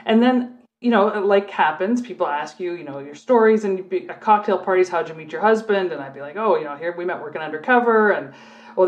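A middle-aged woman from Canada, a former police officer, telling her stories in a relaxed, chatty way on a podcast. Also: mid-range voice. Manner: chatty storyteller, talks readily at length. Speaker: guest, former undercover cop and prosecutor. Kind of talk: casual podcast chat. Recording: muffled lo-fi audio.

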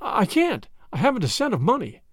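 Guy doing a chatty old granny, high wobbly voice, dry close sound. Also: sing-song, moderate pace, dry recording. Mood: panicked. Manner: tremulous, wailing, anxious. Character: fretful chatty old grandmother.

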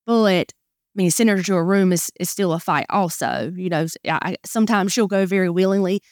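Hesitant mother, lowish voice. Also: darkish tone, no room sound, studio quality. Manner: hesitant, halting, with restarts. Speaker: coaching client, mother. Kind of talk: conversation.

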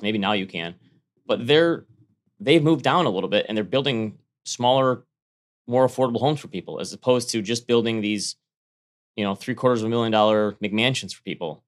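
Brief: brisk male podcast co-host, casual money talk, rapid delivery with quick restarts. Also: fairly low pitch. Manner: quick, animated, restarts mid-sentence. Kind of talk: casual finance chat.

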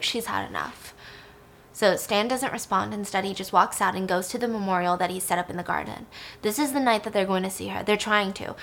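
A woman recapping a film in a chatty, animated way, swearing now and then. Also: mid-range voice, gravelly.

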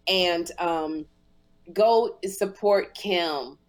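A woman co-hosting a podcast, telling a story with lively energy and acting out both sides of each conversation, in casual speech. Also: on the low side, drawn-out words. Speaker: podcast co-host.

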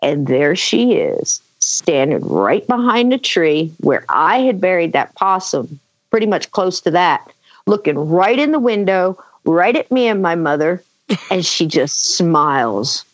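A woman telling a personal story in conversation, animated, acting out quotes, with many fillers. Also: on the low side, a little slow, no echo. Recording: dull lo-fi dry sound.

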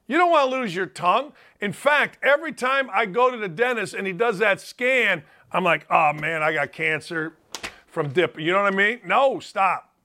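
A sports talk show host in his fifties tells stories emphatically in an animated monologue, repeating phrases for effect. He has a high, bright, forceful voice.

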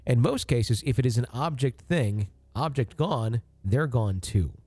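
A man's voice: medium pitch, animated, a little slow, a little mellow, husky, no room sound. A man co-hosting a podcast, chatting casually with many fillers and joking, then reading listener stories aloud. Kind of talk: casual chat and story reading. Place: home studio.

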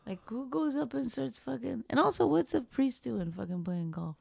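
A woman's voice: fairly high pitch, animated, moderate pace, vocal fry, hardly any pauses, darkish tone, slightly rough, no room sound, clean studio sound. A woman co-hosting a casual chat, blunt, profane and combative. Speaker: podcast co-host.

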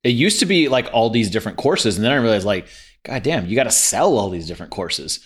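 A fast-talking man with a lowish voice tells business stories in casual conversation. He slips into quoted dialogue as he goes, animated and loose. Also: slightly rough. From India. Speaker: guest entrepreneur. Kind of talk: casual podcast chat.

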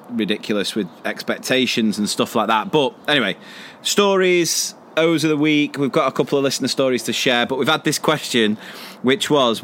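Male podcast co-host, bright and energetic voice, loose rambling delivery. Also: mid-range voice, a little hiss or hum. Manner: rambling storyteller, laughs often, many fillers and restarts. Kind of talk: casual chat.

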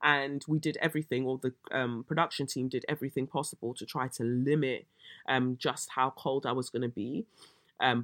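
A woman, hosting a casual solo podcast, a little croaky, telling stories with swearing and dramatic outbursts. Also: extremely low pitch, no echo, studio quality. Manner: animated storytelling, swearing, bursts of exaggerated shrieking. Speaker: podcast host.

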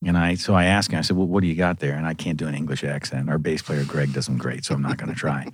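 Rumbling low and talking fast with a breathy edge, a man hosts a casual conversation. He's animated and laughs as he tells long anecdotes about his music days.

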